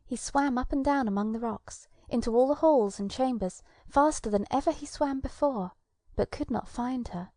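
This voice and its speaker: A woman reads a children's storybook in a mellow, soft-edged voice, gentle and storytelling. She sits close to the mic in a dry space with no room sound. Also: high-pitched, moderate pace, few pauses, no room sound. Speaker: audiobook narrator. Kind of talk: scripted narration of a children's storybook.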